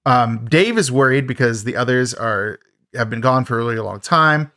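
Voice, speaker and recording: A man's voice: medium pitch, expressive, normal speed, sharp tone, dry recording, studio quality. A man hosting a podcast, recapping a film in a rambling, casual way full of fillers and wry jokes. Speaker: podcast host.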